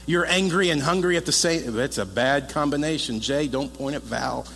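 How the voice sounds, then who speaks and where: Jokey pastor preaching in an echoey hall. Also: male voice, on the high side, normal speed, vocal fry. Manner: lively, conversational, jokes with the congregation. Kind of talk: sermon. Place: church hall. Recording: echoey hall with faint mains hum.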